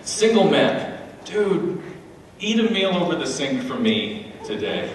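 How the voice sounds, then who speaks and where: A man performing a stand-up comedy set at a church, with wry, deadpan asides, heard in an echoey hall from a distant mic. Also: a little high, slow, very noisy.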